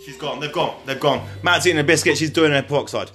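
A man's voice: fairly high pitch, a bit bright, faint music behind. A man hosting a casual podcast interview, rambling and joking, apologising as he goes. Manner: jokey, rambling, quick to apologise. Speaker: podcast host.

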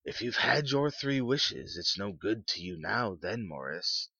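A man's voice: lowish voice, big pitch swings, measured pace, gravelly, bright, forceful tone, husky, dry recording, voice pushed up, exaggerated voice. A man reading a storybook, voicing an eager and curious older father. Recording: dull lo-fi sound.

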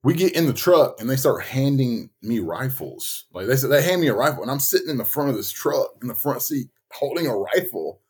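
A man co-hosting a podcast, telling a story in casual chat, lively and swearing as he acts out quotes. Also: mid-range voice, a little fast, hardly any pauses, breathy edge. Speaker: podcast co-host.

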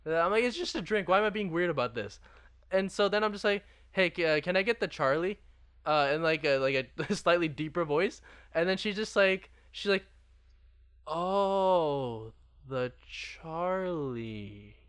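A man's voice: sits high, animated, a little fast, a bit bright, clear, resonant tone. Self-mocking young man telling a story. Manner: rambling, self-deprecating, laughs through stories, many "like" fillers. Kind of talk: casual storytelling chat.

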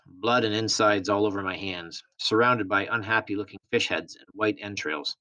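A man reading a novel aloud in a steady, plain storytelling manner. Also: lowish voice, moderate pace. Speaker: reader.

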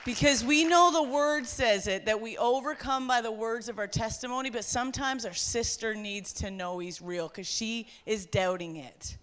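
A woman's voice: fairly high pitch, normal speed, few pauses, a bit bright. A woman with a Newfoundland accent, a pastor preaching fervently at a women's conference. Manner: fervent, exhorting. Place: large room with an audience.

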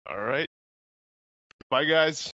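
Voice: medium pitch, expressive, very slow, background noise. A podcast co-host in casual chat, chiming in with short remarks and laughs. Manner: brief chuckling interjections. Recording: dull lo-fi podcast audio.

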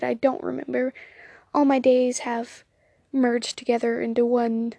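Young southern girl chatting on her phone podcast, kinda high voice but pretty flat, lots of ums and giggles, dry close sound. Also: vocal fry, husky, no room sound. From Southern United States. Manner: rambling, self-deprecating, giggly, many ums. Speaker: podcast host. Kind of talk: casual solo podcast chat.

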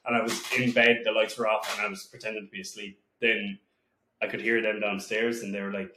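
A man's voice: lowish voice, little pitch movement, a little fast. A man guesting on a podcast, telling rambling, swear-filled stories with many restarts. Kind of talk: casual storytelling. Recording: echoey room with faint noise.

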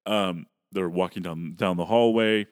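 A man's voice: low-pitched, a little slow, clear, resonant tone, no echo, clean studio sound. A man casually recapping a film's plot on a podcast, loose and profane, acting out bits of dialogue. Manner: loose, profane retelling of plot with acted-out quotes. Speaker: podcast co-host. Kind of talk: casual movie recap chat.

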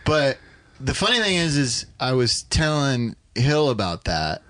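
A podcast guest in an easy, chatty mood who rambles through his stories, restarting his sentences. His voice sits at a middle pitch for a man. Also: sing-song, measured pace, fairly bright tone, no room sound. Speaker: guest actor. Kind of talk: casual chat.

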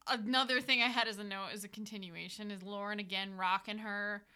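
A woman's voice: medium pitch, steady tone, fairly quick, bright, forceful tone, smooth. An American woman who hosts a podcast and runs tabletop games, chatting casually in a rambling way with frequent laughs. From United States. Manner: rambling, chatty, laughs often, many "like" fillers. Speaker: dungeon master and podcast host. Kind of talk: casual reflective podcast chat.

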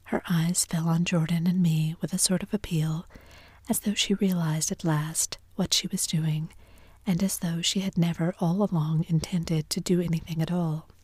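Whispered role-play narrator, woman, low breathy whisper, close and dry. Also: moderate pace, no room sound. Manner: soft, even storytelling.

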